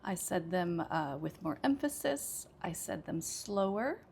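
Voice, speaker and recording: A woman with an American accent gives an English lesson at a slow, careful pace, pausing often to check in with "okay". Her voice has a gravelly edge of vocal fry. Faint noise sits under the recording. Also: on the low side, very animated, a little mellow. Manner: patient, explanatory, frequent "okay" and "uh". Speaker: ESL teacher.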